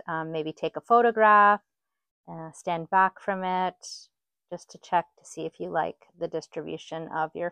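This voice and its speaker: Woman, quilting tutorial, slow unhurried delivery, dry close sound. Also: fairly low pitch, vocal fry, no echo. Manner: relaxed, step-by-step instruction. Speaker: quilting teacher. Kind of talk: sewing tutorial.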